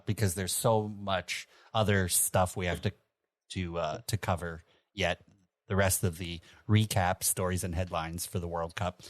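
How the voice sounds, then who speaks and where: A man co-hosting a podcast, giving beer news and predictions in relaxed casual chat. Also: lowish voice, no room sound.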